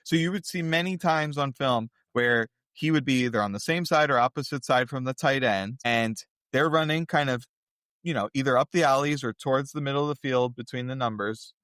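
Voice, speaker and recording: A man's voice: medium pitch, moderate pace, a bit bright, no echo, clean studio sound. A man co-hosting a podcast, in casual chat, breaking things down in long running explanations. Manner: analytical, talks in long run-on explanations. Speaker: podcast co-host.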